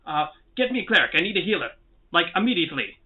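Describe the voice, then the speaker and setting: A man's voice: mid-range voice, slow pace, lightly acted. A man voicing a stocky, bald, grateful dwarf official who stammers and gushes, heard over a tinny phone-like line. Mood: urgent. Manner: flustered and effusive, stammering.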